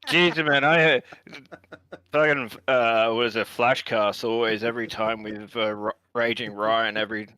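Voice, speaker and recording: Aussie dude on a voice call, lowish bright voice, dry sound, rambles with lots of uhs. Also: male voice, unhurried, clean tone, dry recording. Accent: Australian. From Australia. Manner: relaxed, rambling, hesitant with many fillers. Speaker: guest on a stream. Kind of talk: casual gaming chat. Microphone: voice chat call.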